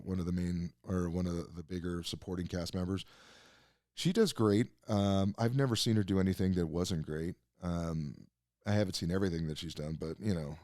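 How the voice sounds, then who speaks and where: Close on a desk microphone, a man hosting a podcast rambles through a relaxed movie review, stumbling over fillers and restarts and letting slip the odd swear. His voice is low with a darkish tone, and the sound is dry.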